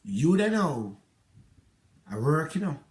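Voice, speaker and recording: A man's voice: fairly high pitch, big pitch swings, slow pace, darkish tone. Aggrieved man with a Jamaican accent. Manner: rambling, aggrieved, patois-inflected storytelling. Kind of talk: monologue recounting a past relationship.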